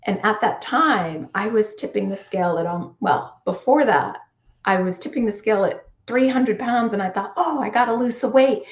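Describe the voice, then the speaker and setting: A woman telling a personal story in an earnest, reflective way. Her voice sits at an ordinary middle pitch. The recording is roomy and a little dull. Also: normal speed. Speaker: podcast guest.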